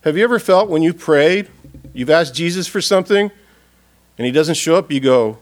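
A man with a somewhat high voice gives a funeral sermon in a church, earnest and expressive. He moves between raised, pleading appeals and soft, hushed stretches. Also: moderate pace. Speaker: pastor.

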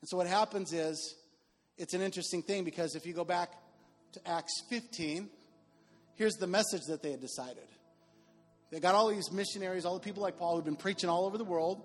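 A middle-aged male pastor preaching a sermon in an animated, conversational way with joking asides. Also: sits high, fairly quick. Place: church sanctuary. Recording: reverberant hall with faint music.

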